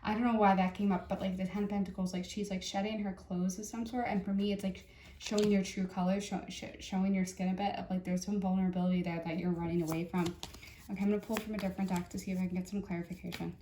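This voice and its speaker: A woman giving a casual tarot reading in a chatty, halting way, full of fillers and restarts. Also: mid-range voice, flat delivery, warm tone, reverberant, a little hiss or hum. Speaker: tarot reader.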